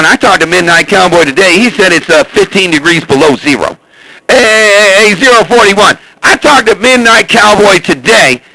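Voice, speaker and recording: A man chattering on CB radio as the channel's host, boastful and loud, hailing others over and over. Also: high voice, creaky, no room sound, poor audio.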